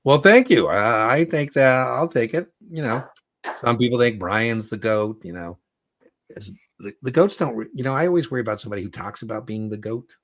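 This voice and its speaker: A man hosting a casual livestream Q&A as an exam prep coach, chatty and animated, telling stories. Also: mid-range voice, normal speed.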